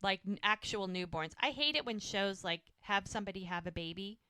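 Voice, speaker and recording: A woman's voice: medium pitch, a little fast, bright, forceful tone, smooth, no room sound. A woman co-hosting a rewatch podcast, eagerly retelling scenes and acting out the characters' lines in casual chat. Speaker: podcast co-host recapping a show.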